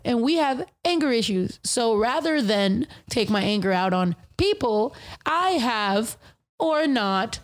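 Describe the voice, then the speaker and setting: A woman hosting a podcast in casual chat, telling stories in an animated, profane way full of slang. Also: on the high side. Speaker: podcast host.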